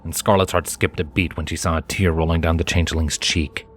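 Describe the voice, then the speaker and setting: A man reading fan fiction aloud in a measured, dramatic narration. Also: sits low, little pitch movement, a little hiss or hum. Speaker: fanfiction reader. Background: faint background music.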